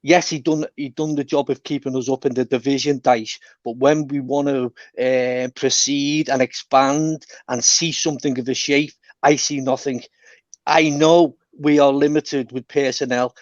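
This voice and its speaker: A man's voice: mid-range voice, fairly even intonation, moderate pace, no room sound. A male caller with a mid-range voice on a fan phone-in, earnest and emphatic. The line is muffled and dull. The sound is dry. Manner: earnest, emphatic, listing points. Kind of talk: phone-in comment.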